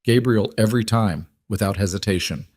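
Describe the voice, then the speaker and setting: A man's voice: lowish voice, fairly quick, a little mellow, no room sound, clean studio sound, lightly acted. A man voicing a determined young mother, a former field medic, who speaks tense and urgent.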